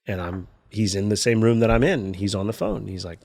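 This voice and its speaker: A man's voice: on the low side, normal speed, creaky, darkish tone, husky. A middle-aged man from California, a skate video filmer, telling a story casually in a podcast interview, profane and acting out the voices of the people he quotes.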